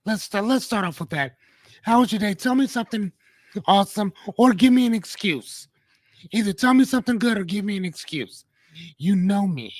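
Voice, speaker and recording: A man's voice: high voice, dry recording. Playful rambling male livestream host. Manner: playful, rambling, addresses viewers by name. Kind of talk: casual livestream chat with viewers.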